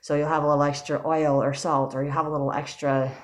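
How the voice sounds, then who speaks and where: A young adult woman chats casually to her viewers in a personal vlog. Her voice sits low for a woman, and she rambles along with ums and self-corrections. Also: level tone, fast. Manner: chatty, rambling, frequent ums and restarts. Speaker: vlogger.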